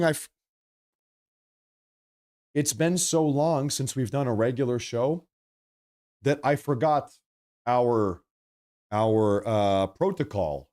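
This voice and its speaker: A man hosting a political livestream, chatting casually with viewers and reading their messages, with a slight cough, animated and prone to repeating himself. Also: medium pitch, takes it slowly, long pauses. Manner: animated, repeats phrases, apologetic asides.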